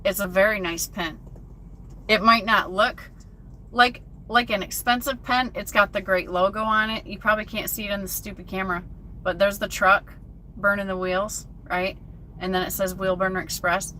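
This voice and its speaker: A woman's voice: mid-range voice, fairly even intonation, normal speed, bright, forceful tone, slight background noise. A woman truck driver chatting casually on a phone live stream from her cab at a truck stop, reading viewer comments aloud.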